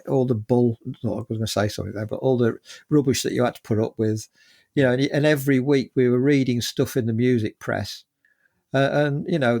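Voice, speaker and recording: An English man in his seventies, with a gravelly, rough-edged voice, rambles through his stories in an easy interview chat. His pitch sits in a plain middle range. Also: a little mellow. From England. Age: 70s. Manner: chatty, rambling with many fillers. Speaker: guest musician. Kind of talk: casual anecdotal storytelling.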